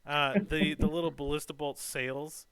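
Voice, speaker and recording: A man's voice: a little high, flat delivery, moderate pace, a crowd in the background. A man running a tabletop game as game master, narrating in a laid-back way with many ums.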